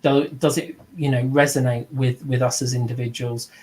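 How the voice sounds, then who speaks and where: A man's voice: mid-range voice, steady tone, normal speed, a little mellow, poor audio. A middle-aged man giving an informal spoken lesson as a mediumship teacher, earnest and reflective, slipping into the voices of people he quotes.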